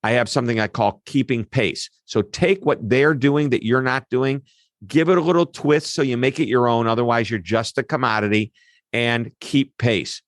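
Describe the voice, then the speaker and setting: A man, a guest expert on an interview, explaining his ideas in an animated way with quick asides. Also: mid-range voice, dry recording, studio quality. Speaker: customer service expert guest. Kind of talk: interview answers.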